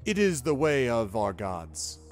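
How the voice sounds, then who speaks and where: A man's voice: medium pitch, sing-song, faint music behind. A man voicing a solemn, devout male temple guardian who speaks formally, in a game. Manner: formal, measured speech.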